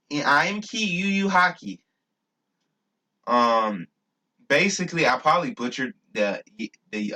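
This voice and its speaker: Young man, YouTuber, bright forceful voice, rambling and stumbling casual vlog talk. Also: mid-range voice. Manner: rambling and stumbling, with fillers and restarts.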